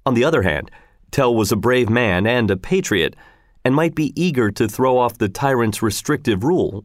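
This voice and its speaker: A man's voice: medium pitch, dry recording. A man reading a storybook aloud in a dry, wry narrating manner.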